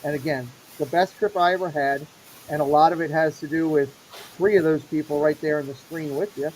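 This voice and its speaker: A man's voice: a little high, fairly even intonation, a little fast, a little hiss or hum, low-quality recording. A middle-aged man hosting a casual show, animatedly acting out the people in his story. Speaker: show host.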